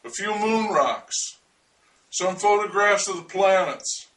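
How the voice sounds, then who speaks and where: Man as an earnest eccentric hunting alien signals: high, bright voice, slow wry delivery, miked from a distance. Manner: wry, confiding, deliberate monologue to the listener.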